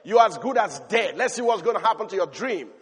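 A man voicing cruel brothers who talk curtly and dismissively, in a high voice with long hall reverb. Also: lively intonation, fast talker, a bit bright, breathy edge, exaggerated voice. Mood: scornful. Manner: curt and dismissive.

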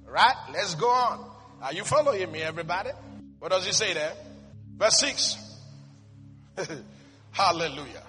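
A man's voice: high voice, very animated, moderate pace, pauses often, bright, forceful tone, breathy edge. A man preaching a sermon, reading scripture and declaring blessings in an emphatic way. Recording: long hall reverb with faint music.

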